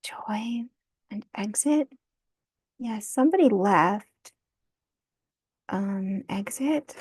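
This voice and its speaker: A woman's voice: medium pitch, lively intonation, extremely slow, a little mellow, slightly rough, no room sound. A woman doing a casual tarot card reading, thinking aloud, often breaking into laughter and apologizing. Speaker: tarot reader.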